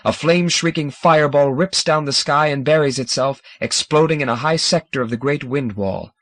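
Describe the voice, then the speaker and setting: A man reading a science fiction audiobook in a dramatic, measured narration style. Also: mid-range voice, a bit bright, no room sound. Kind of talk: scripted narration.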